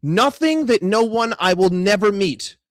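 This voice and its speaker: A young man rants casually about football on his vlog, swearing often. His voice sits high and leaps around. The sound is dry and close. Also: unhurried, no echo. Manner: profane, animated, chatty. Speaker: football vlogger.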